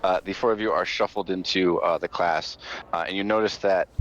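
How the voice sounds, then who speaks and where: A man's voice: low voice, fairly even intonation, fairly quick, fairly bright tone. A man narrating as game master, rambling with many fillers and frequent laughter. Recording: dull lo-fi audio.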